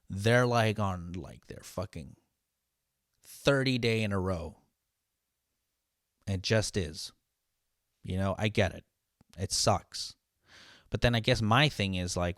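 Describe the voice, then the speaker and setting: A man's voice: lowish voice, dry recording, studio quality. Frustrated, cursing man telling a kitchen story. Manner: frustrated, profane, rambling with restarts and quoted exchanges. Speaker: podcast host, line cook. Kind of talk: casual storytelling rant.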